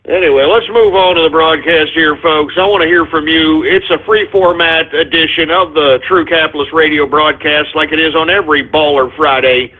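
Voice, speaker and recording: A man's voice: on the high side, fairly even intonation, moderate pace, few pauses. Male call-in radio host, short of breath and worked up, thin lo-fi audio. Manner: agitated, swearing, out of breath. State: winded. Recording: phone-like narrow audio.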